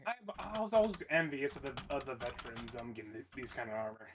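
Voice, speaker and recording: A man's voice: mid-range voice, sing-song, fast, fairly bright tone, slight background noise. A man playing a tabletop role-playing game, stammering and insistent. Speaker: player. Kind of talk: casual in-character role-play.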